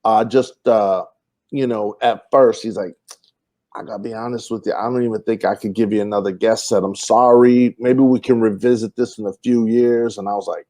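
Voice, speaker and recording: A man with a lowish voice tells comedy road stories at a moderate pace in a casual podcast chat. He's an animated storyteller who acts out the people he quotes, full of fillers and restarts.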